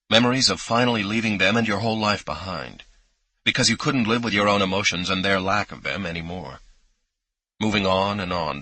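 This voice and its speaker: A man's voice: low voice, sharp tone, husky, dry recording, low-quality recording. A man narrating an audiobook in an intimate first-person storytelling manner, close on a studio mic. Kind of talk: scripted narration.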